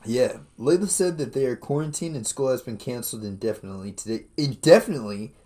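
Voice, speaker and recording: A man co-hosting a casual podcast, excitable and chatty, swearing casually and saying "dude" a lot. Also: mid-range voice, fast talker. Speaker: podcast co-host. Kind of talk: casual chat.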